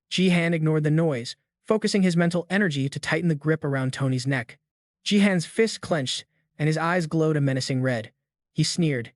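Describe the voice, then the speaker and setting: A man's voice: on the high side, dry recording. Slangy male recap narrator, dry close sound. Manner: brisk, slangy storytelling.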